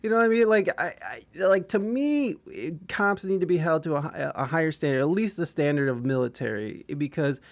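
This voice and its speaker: Podcast host, man from Ohio, slightly high voice, dry close sound, loose and profane with lots of restarts. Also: lively intonation, fairly quick, hardly any pauses, dry recording. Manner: profane, rambling, stammers and restarts. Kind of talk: casual podcast chat.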